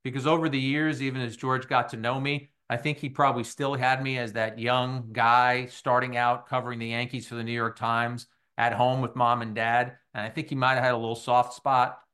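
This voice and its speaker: A middle-aged man hosting a sports podcast, telling a story in a lively way and acting out the voices of the people in it. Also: mid-range voice, moderate pace, few pauses. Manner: animated storyteller, acts out quoted voices. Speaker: podcast host. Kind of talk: casual storytelling monologue.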